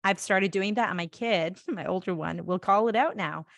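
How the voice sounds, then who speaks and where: A woman's voice: mid-range voice, normal speed, gravelly, no echo. A woman hosting a podcast, chatting casually, with fillers and agreeing readily. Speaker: podcast host.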